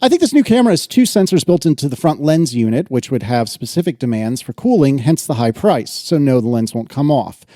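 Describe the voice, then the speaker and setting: Brief: male podcast co-host, animated pitch, dry close sound, reads mail with a grin. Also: fairly quick, hardly any pauses, dry recording. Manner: lively, laughs often, reads letters aloud. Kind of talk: casual tech podcast chat, reading listener mail.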